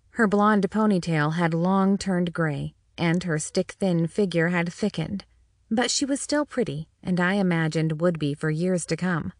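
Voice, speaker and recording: A woman's voice: fairly low pitch, dry recording. A woman narrating a first-person audiobook with wry, dry humor.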